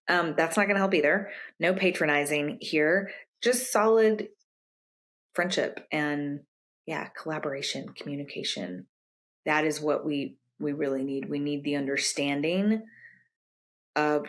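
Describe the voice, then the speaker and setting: A young adult woman with a low-pitched voice speaks as a guest coach on a podcast. She talks casually and at length, and each time she quotes a friend or partner she jumps up in pitch to act the line out. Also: a little slow. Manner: animated, acts out quoted lines in a raised pitch. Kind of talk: conversational interview answers.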